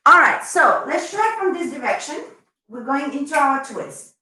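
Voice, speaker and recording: A woman's voice: sits high, big pitch swings, unhurried, sharp tone, echoey room, rough recording. A woman teaching a live online dance lesson, chatty and bubbly, counting the beats aloud as she goes. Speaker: dance instructor.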